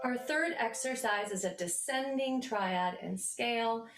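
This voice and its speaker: Woman coaching a vocal warm-up. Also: a little high, a little slow, reverberant, loud music behind the voice. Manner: relaxed, reassuring coaching with sung demonstrations. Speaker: choir voice teacher.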